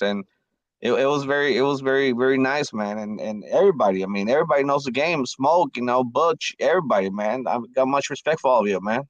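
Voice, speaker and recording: A man talking earnestly about boxing, tripping over his words often. His voice is plain and mid-pitched. It sounds dry and slightly muffled over the call. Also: dry recording. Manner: earnest, stammering. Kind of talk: casual chat.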